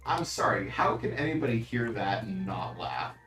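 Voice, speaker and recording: A man's voice: fairly low pitch, sing-song, normal speed, fairly bright tone, echoey room, soft background music. A man co-hosting a game stream who reads chat and teases his friend. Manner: laughing, teasing. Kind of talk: casual live-stream chat.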